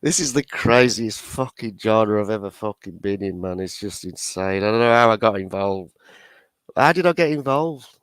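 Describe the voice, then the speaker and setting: A man's voice: fairly low pitch, expressive, normal speed, a bit bright, clean tone, no echo. A man hosting a casual livestream chat, blunt and full of swearing, laughing often. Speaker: livestream host.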